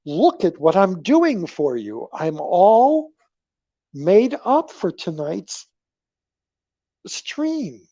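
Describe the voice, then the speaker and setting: A man hosting a casual livestream, rambling through stories with animated swings between loud remarks and murmured asides. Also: sits high, drawn-out words, pauses often, dry recording. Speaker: livestream host. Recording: dull lo-fi livestream audio.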